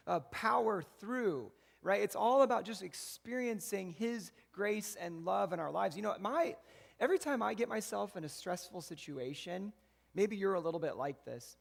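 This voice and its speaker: A man's voice: sits high, creaky. Guy preaching a sermon, easygoing and chatty, keeps saying right?, echoey church hall. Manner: conversational preaching with frequent "right?" asides. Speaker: pastor.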